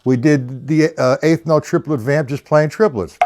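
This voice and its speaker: A man's voice: a little high, normal speed, hardly any pauses, music in the background. An older man giving a casual, rambling live-streamed drum lesson, counting beats aloud as he explains technique. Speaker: drum teacher.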